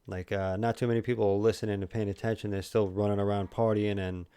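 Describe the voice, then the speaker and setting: A man in his thirties with a New York accent, chatting loosely to his stream viewers. His voice sits low and mellow, and it sounds close and dry with no room around it. He rambles and restarts his sentences often. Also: flat delivery, fast talker, clear, resonant tone, dry recording. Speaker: livestream host. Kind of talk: casual livestream chat.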